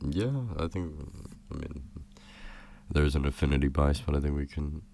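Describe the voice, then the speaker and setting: A young man co-hosting a podcast in casual chat, laid-back and slangy, his voice a bit hoarse. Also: very deep voice, fairly even intonation, normal speed, mellow, a little hiss or hum. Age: young adult. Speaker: podcast co-host.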